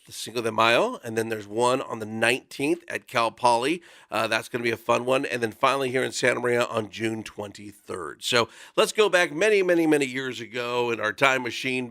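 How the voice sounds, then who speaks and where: Gravelly, earnest man telling his story. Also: mid-range voice, bright, forceful tone, no echo, studio quality. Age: 40s. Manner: earnest, conversational, with frequent fillers. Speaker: volunteer guest speaker. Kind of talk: personal storytelling on the radio.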